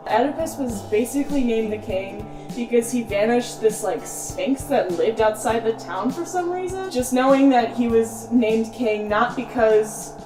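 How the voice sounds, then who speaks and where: A woman's voice: fairly high pitch, far from the mic. A young woman hosting a show, giving a casual, slangy book summary full of "like". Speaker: host. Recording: roomy echo, off-mic, faint music.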